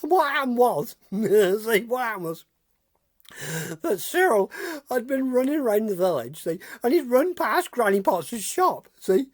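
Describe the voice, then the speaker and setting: A woman's voice: fairly high pitch, very animated, measured pace, no echo. A woman telling village gossip in a rambling comic monologue, chuckling through her stories and repeating "see?" and "oh, dear me". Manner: rambling, with restarts and repeated phrases. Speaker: village news storyteller.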